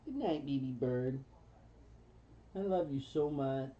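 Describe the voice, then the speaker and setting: A woman chatting fondly with her pet bird at home, cooing pet names and laughing softly. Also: rumbling low, slow, a little hiss or hum. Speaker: pet bird owner on a livestream. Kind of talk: casual chat with a pet. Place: indoors at home. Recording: dull lo-fi home livestream audio.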